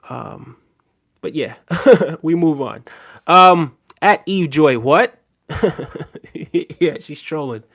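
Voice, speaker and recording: A man's voice: fairly high pitch, lively intonation, slow, creaky, fairly bright tone. A man hosting a casual livestream, reading out viewer comments and talking back in a laid-back way, often tagging sentences with "right?". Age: adult with a daughter.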